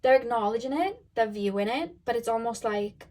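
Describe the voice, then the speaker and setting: A tarot card reader gives a casual reading to camera in a slightly high, darkish voice, talking briskly and animatedly with few pauses. She's chatty and frank, matter-of-fact in tone, and her loose delivery is full of fillers, restarts, and repeated phrases.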